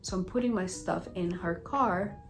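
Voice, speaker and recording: A woman's voice: lowish voice, normal speed, vocal fry, poor audio. Chatty woman telling a storytime vlog. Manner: chatty, animated storytelling with many fillers, addressing viewers. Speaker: vlogger.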